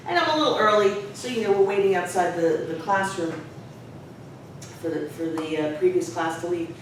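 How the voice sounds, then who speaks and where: Woman, professor, reflective personal story, distant mic, faint rumble. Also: a little mellow, very echoey. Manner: conversational, reflective, lots of "you know".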